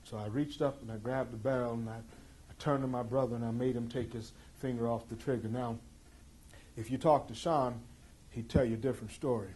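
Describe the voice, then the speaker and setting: A middle-aged man telling a tense personal story in an intense, emphatic way, moving between loud passages and hushed ones. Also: medium pitch, steady tone, a little fast, a little hiss or hum. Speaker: speaker. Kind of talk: dramatic storytelling talk.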